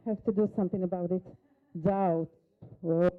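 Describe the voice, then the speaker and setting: A woman's voice: on the low side, fairly even intonation, normal speed, phone-quality sound. A woman whose first language is Hebrew leads a live workshop demonstration. She coaches a volunteer with short instructions and questions. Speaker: workshop facilitator. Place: conference hall.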